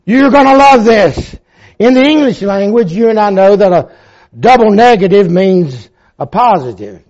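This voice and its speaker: A man of seventy-four preaching a sermon with fervor, swinging from loud emphasis to hushed reflection and quoting old-fashioned scripture. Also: high voice, expressive, moderate pace. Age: 70s. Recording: dull lo-fi recording.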